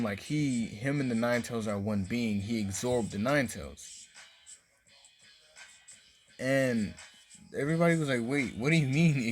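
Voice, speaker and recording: A man casually narrating a fan-made story, rambling with lots of filler words. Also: fairly low pitch.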